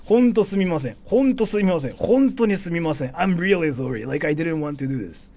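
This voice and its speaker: Lively Japanese-accented young man streaming. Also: on the high side, very fast. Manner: chatty, filler-heavy, reads donations aloud. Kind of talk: casual livestream chat.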